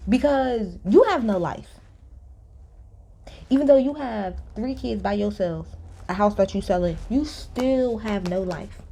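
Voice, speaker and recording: A woman's voice: mid-range voice, expressive, measured pace, creaky, dark tone, breathy edge. Blunt, opinionated woman ranting. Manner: blunt, opinionated, swears freely, mimics cast members. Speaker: reality TV recap vlogger. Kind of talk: casual recap commentary.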